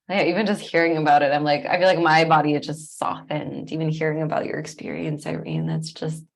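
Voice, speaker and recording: Brief: woman host, lowish voice, gentle and affirming, reflective. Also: animated, moderate pace, creaky. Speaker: podcast host. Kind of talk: conversational podcast interview.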